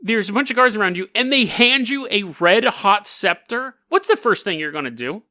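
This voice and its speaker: A male podcast host tells a history story in a casual, sarcastic way and keeps breaking off for jokes. His voice is bright and sharp, and his pitch swings widely. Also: normal speed, no echo, studio quality. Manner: sarcastic, animated, joking asides.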